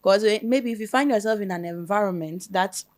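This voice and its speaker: A woman with a Ghanaian English accent, a software developer on a panel, answering thoughtfully and checking in with "You get it?". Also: mid-range voice, a little fast. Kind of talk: panel discussion.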